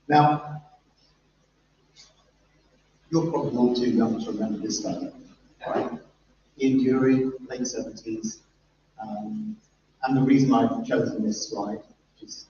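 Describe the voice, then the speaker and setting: A man's voice: mid-range voice, dark tone. Fifty-something guy joking with the crowd at a talk, far off in a big echoey room, muffled. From London, England. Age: 50s. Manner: chatty, jokey, talks with the crowd. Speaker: guest speaker at an industry event. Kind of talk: conference talk to a live audience. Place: large echoey event room. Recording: echoey, muffled, distant with faint noise.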